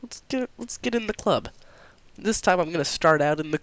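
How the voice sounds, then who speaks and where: A man's voice: a little high, expressive, moderate pace, a bit bright, no room sound. Stuffy-nosed young man, dry close mic. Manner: chatty, self-mocking, talks to himself while playing. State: stuffy nose from a cold. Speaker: gaming channel host. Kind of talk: casual gameplay commentary.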